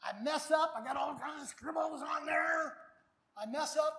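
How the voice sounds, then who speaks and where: Middle-aged pastor, folksy and lively, preaches at a baptism and now and then shouts to the crowd. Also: male voice, very high voice, moderate pace, vocal fry. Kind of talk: outdoor baptism sermon.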